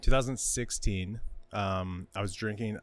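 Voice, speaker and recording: A man guesting on a podcast at a distillery, telling relaxed stories in a casual chat full of "like" fillers. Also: fairly low pitch, unhurried. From Ontario, Canada. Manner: relaxed, loose storyteller with lots of "like" fillers. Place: indoors at a distillery.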